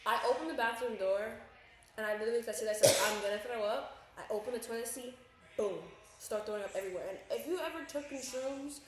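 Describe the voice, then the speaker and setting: A woman's voice: on the high side, fast, heavy background noise. Profane young woman storyteller in an echoey room. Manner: profane, vivid storyteller who acts out her own quotes. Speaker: podcast co-host. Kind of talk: casual storytelling chat.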